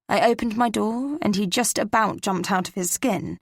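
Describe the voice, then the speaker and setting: A woman with an English accent, narrating a cozy mystery in first person with measured, crisp delivery. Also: mid-range voice, no room sound, clean studio sound. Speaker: audiobook narrator.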